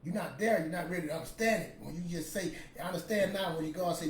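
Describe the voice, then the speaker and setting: A man's voice: high voice, fast, distant mic, a little hiss or hum. A man, casually telling a motivational story in a rambling, emphatic way. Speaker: podcast host. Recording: echoey room with faint ambience.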